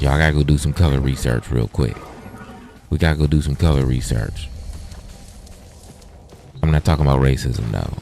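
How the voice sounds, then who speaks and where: Very deep gravelly man, profane and playful. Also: dark tone. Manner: profane, playful, chats to viewers. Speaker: gaming streamer. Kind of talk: casual livestream gameplay chat.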